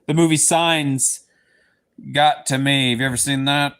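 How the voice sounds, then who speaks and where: A man's voice: medium pitch, steady tone, measured pace, fairly bright tone, clear, resonant tone. A man from Southeast Texas with a Texan accent, chatting casually with viewers on his livestream, playful and slipping into goofy voices. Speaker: livestream host. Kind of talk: casual live chat with viewers.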